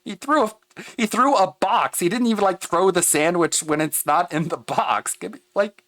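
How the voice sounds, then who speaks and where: A man streaming, reacting to a video with animated, exasperated commentary, laughing often and swearing. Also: high-pitched, normal speed, no echo.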